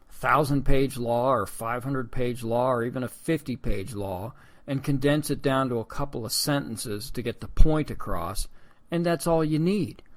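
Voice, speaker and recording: A man hosting a political commentary podcast, talking in a sarcastic, rambling way and calling his listeners folks. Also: medium pitch. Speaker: podcast host.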